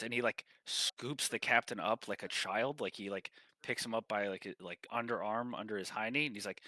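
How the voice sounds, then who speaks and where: A man's voice: lowish voice, brisk, hardly any pauses, sharp tone, no room sound. A man running a tabletop game, narrating in a casual, rambling way. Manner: casual, rambling, full of fillers. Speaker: game master.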